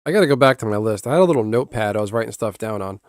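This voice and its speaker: A man's voice: on the low side, expressive, racing, dry recording, studio quality. A young man streaming from home, rambling bluntly in casual chatter and swearing freely.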